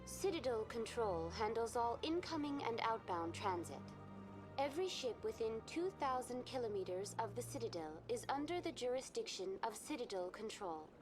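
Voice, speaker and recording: A woman voicing a calm female virtual guide program on a space station, in a polished, even, informative game delivery, with music clearly heard behind. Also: a little high, normal speed, low-quality recording. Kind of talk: scripted game voice acting.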